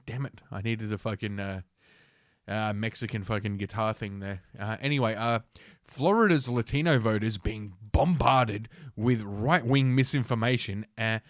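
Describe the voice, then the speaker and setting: A man's voice: on the low side, normal speed, no room sound, studio quality. Sardonic, profane male podcast host. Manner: sardonic, profane, reads articles with stumbles. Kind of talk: casual news commentary.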